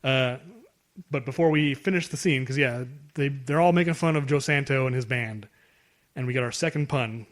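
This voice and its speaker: A man co-hosting a podcast, casually talking through a movie and acting out lines with big jumps in his voice. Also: moderate pace. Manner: animated, acts out quotes with jumps in pitch. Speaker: podcast co-host. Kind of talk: casual film discussion.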